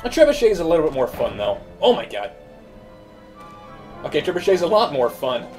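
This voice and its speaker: A man's voice: a little high, sing-song, a little fast, a little mellow, soft background music. Chatty man narrating gameplay. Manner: chatty, thinks aloud. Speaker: let's play host. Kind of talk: gameplay commentary.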